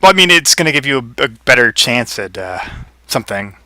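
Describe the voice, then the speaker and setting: A man's voice: medium pitch, sing-song, a little fast, sharp tone, dry recording. A man narrating as game master of a tabletop game, loose and chuckling.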